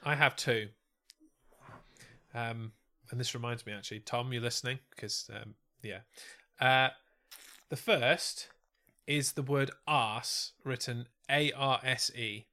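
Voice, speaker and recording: A man from Britain trading jokes on a casual comedy podcast. His voice is bright and clear, and his replies come short and blunt, often with a curse for emphasis. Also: medium pitch, steady tone, slow, long pauses. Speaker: podcast co-host.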